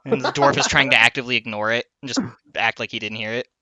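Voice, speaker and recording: A man's voice: mid-range voice, fairly even intonation, fast, bright, forceful tone, dry recording. A man narrating as game master of a tabletop game, loose and rambling with many fillers.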